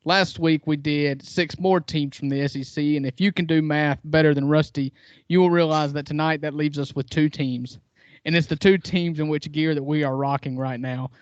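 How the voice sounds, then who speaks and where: A man's voice: a little high, steady tone, moderate pace, no echo, highs cut off. A man with a Northeast Mississippi accent, co-hosting a sports podcast and ribbing his friend with chuckles. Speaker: podcast co-host. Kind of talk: casual sports podcast chat.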